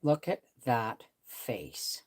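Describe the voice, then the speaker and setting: Slow, rambling middle-aged woman live-streaming. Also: rumbling low, sing-song, a little mellow. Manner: rambling, chatty, greets viewers by name. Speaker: homestead channel host. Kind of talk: casual live-stream chat. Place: bedroom, in bed.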